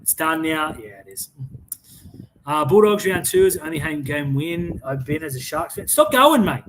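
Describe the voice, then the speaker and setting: A man's voice: fairly high pitch, lively intonation, moderate pace, slight background noise. An Australian man hosting a fan sports chat, blunt and opinionated, swearing freely and often restarting his sentences. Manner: frequent restarts and stammered repeats. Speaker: fan podcast host. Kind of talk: casual live-stream sports chat.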